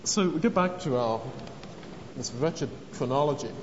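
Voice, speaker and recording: Man, preacher, earnest sermon, acts out quotes, fairly high voice, long hall echo. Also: lively intonation, moderate pace. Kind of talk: sermon on a parable. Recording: long hall reverb, dull lo-fi sound, faint noise.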